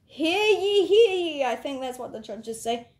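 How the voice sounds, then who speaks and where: A woman's voice: high-pitched, expressive, unhurried. A woman playing a goofy rambling plush judge. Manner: silly, rambling, bursts into yelling. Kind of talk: homemade plush comedy skit.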